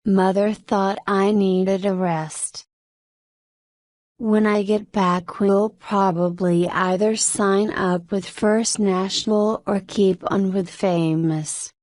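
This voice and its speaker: A woman reading the lines of a lovesick young film actress in a slow, plain voice. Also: medium pitch, steady tone, darkish tone, no echo, clean studio sound, close to an everyday voice. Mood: polite.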